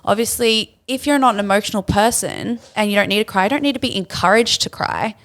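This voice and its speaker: A woman's voice: medium pitch, fast, a bit bright. A young Australian woman hosting a podcast, talking earnestly in a casual chat, full of "like". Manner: earnest, hedging with many "like" fillers. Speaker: podcast host.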